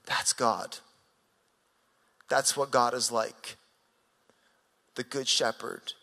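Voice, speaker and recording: A male pastor preaching a sermon in an animated, conversational way, swinging from sudden rises to quiet drops. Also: mid-range voice, slow pace, creaky, in a large hall.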